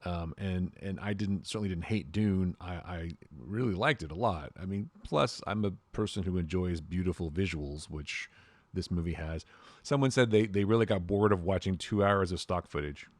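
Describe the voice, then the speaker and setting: A man's voice: sits low, moderate pace, darkish tone, no echo. A man co-hosting a podcast, chatting casually with rambling, hedged opinions. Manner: musing, rambling, hedging opinions. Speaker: podcast co-host. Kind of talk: casual chat.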